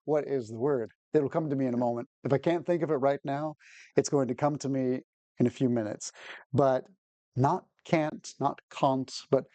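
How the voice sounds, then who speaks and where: A man's voice: medium pitch, steady tone, fairly quick, warm tone, no room sound. An American man hosting a casual interview, an English teacher who thinks aloud, restarts sentences and acts out the voices of others. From United States.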